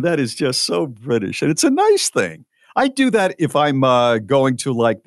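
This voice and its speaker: A man's voice: medium pitch, dry recording, clean studio sound. A man co-hosting a radio show, chatting casually and reading out listener posts with his own asides. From United States.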